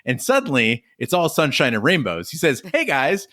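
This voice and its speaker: Male podcast host, animated pitch, dry close sound, reads mail with wry humor. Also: a little fast, no echo. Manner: reads emails aloud with lively, wry delivery. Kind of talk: casual podcast chat.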